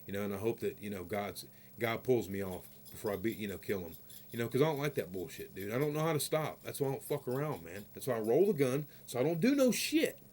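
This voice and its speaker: Male vlogger, mid-pitched, profane and rambling, heated storytelling rant. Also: expressive, fast, a little mellow. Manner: peppers talk with "you know what I mean". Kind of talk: ranting vlog storytelling.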